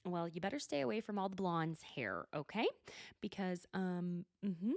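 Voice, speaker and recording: A woman's voice: on the low side, lively intonation, normal speed, dry recording, studio quality. A woman host with an Oklahoma Southern accent, chatting casually and bluntly in a solo recap, often laughing. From Oklahoma, USA. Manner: giggly, chatty, blunt, swears. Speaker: podcast host.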